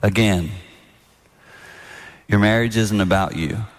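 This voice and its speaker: A man in his sixties giving a sermon-style talk on marriage, animated and storytelling, acting out other people's lines. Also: on the low side, slow pace. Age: 60s. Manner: animated storytelling with mimicked voices. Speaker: speaker at a marriage event. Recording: long hall reverb.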